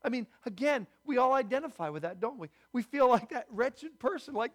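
A man's voice: very high-pitched, expressive, brisk, few pauses. A man preaching a sermon as pastor, teaching and asking the congregation rhetorical questions. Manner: prayerful and hushed when praying.

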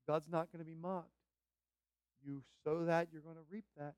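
A man preaching a sermon as pastor, fervent and emphatic, building to loud repeated declarations. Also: a little high, level tone, normal speed, clear, resonant tone, dry recording, studio quality.

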